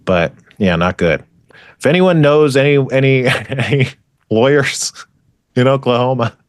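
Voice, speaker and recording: A man's voice: medium pitch, animated, unhurried, long pauses, no echo, studio quality. A man co-hosting a podcast, ranting in a rambling, profane, exasperated way in casual chat. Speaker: podcast co-host.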